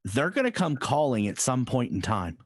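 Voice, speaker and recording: A man's voice: medium pitch, sing-song, normal speed, dry recording, studio quality. A man co-hosting a political talk show, talking in a heated, ranting way. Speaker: co-host.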